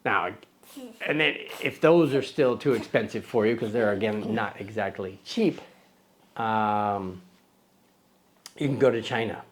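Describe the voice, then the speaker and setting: A man with a fairly low voice hosts a photography vlog. He talks to camera in a loose, chatty way. He wanders off topic, pokes fun at himself and fills gaps with ums and uhs. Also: a little slow, pauses often, a little hiss or hum. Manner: chatty and self-deprecating, with many fillers and restarts. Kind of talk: casual rambling talk to camera.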